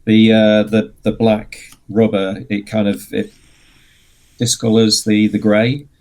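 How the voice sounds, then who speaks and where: Gravelly man explaining patiently. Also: fairly low pitch, little pitch movement, darkish tone. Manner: explains patiently, halting with fillers. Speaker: guest, miniature sculptor and painter. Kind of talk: casual interview chat.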